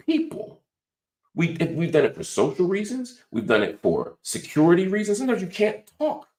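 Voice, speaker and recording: An American man hosts a political commentary show, teaching with an emphatic, preacher-like cadence. His voice is medium-pitched, and the room is echoey.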